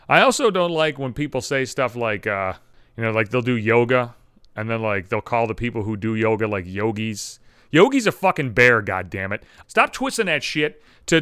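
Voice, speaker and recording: A man's voice: medium pitch, big pitch swings, brisk, a bit bright, clear, resonant tone, dry recording, clean studio sound. A man hosting a podcast, delivering a sarcastic, heavily profane comedic rant. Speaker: podcast host.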